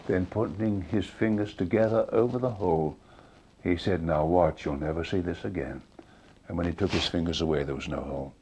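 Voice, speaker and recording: A man's voice: sits low, brisk, a little hiss or hum. An older man in an interview, telling stories and acting out the dialogue of the people in them. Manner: animated storyteller acting out quoted dialogue. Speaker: interviewee recounting a preacher's ministry. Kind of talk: storytelling interview.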